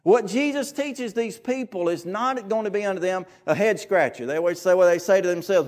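A man preaching a sermon in a Southern US accent, his voice pitched fairly high for a man. He delivers it in an earnest, emphatic way. He leans on his key phrases and says them again. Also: brisk, few pauses, a little mellow.

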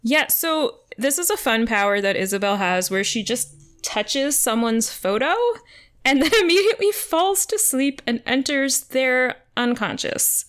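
A woman's voice: high-pitched, lively intonation, unhurried, fairly bright tone, clean tone. A woman co-hosting a podcast, chatting casually and laughing often as she recaps a TV episode. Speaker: podcast co-host.

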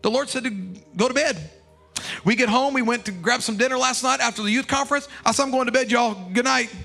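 A man preaching a sermon as pastor of his church, moving from storytelling into shouted, sung cadences. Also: very high voice, brisk, gravelly, faint music behind. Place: church sanctuary.

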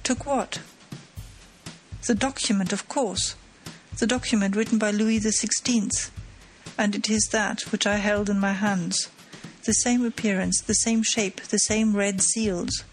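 A woman's voice: mid-range voice, steady tone, unhurried, slight background noise, lightly acted. A woman reading an audiobook, voicing an earnest young man who explains a discovery.

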